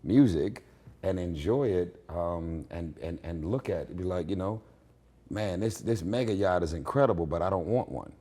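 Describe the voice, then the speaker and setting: Deep dark raspy guy talking straight, confident opinions, interview at his place. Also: normal speed. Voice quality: raspy, gravelly voice. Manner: blunt, confident, emphatic opinions. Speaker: interview guest, singer. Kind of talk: candid interview chat. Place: his home.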